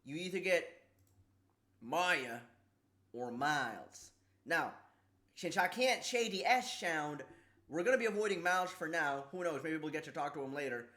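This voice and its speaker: A man streaming casually, talking haltingly with a slight lisp from a sore tongue, repeating words and struggling with S sounds. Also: on the high side, pushed and bright. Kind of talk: casual livestream chat.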